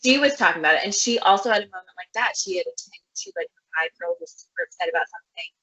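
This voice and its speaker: A woman's voice: mid-range voice, lively intonation, rapid-fire, pushed and bright, poor audio. A woman co-hosting a podcast, rambling in casual chat with lots of filler words. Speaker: podcast co-host.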